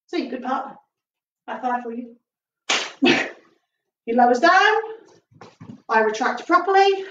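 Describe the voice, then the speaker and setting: A woman martial arts instructor leading a live online stretching class, chatty and upbeat with jokey asides. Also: sits high. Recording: distant, roomy, dull with faint noise.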